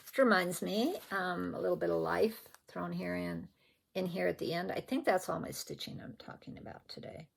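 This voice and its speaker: A woman's voice: fairly low pitch, normal speed, gravelly, breathy edge. An older woman vlogging about her stitching at home, rambling and chatty and often correcting herself as she shows off her threads. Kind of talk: casual show-and-tell chat. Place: at home indoors.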